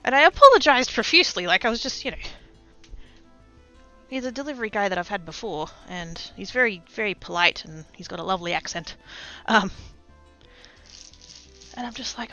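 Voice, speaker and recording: Australian woman, bright voice, casual rambling chat, swears, self-deprecating, faint music behind. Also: on the high side, lively intonation, moderate pace, pauses often, muffled recording. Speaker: livestreamer.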